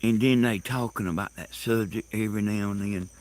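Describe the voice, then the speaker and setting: A man telling rambling stories in a casual monologue, halting and laughing loudly at his own tales, recorded outdoors in the countryside. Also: lowish voice, steady tone. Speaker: host. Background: crickets and insects.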